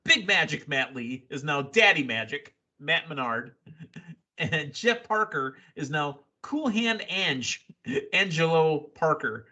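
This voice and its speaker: A man hosting a casual wrestling recap podcast, excitable and quick with asides and laughs. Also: a little high. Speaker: podcast host.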